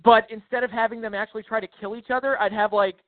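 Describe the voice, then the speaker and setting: Sarcastic high-voiced man, tinny and dry. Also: fairly even intonation, fast talker, no echo. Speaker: podcast co-host. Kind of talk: casual chat. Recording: dry, tinny phone-like line.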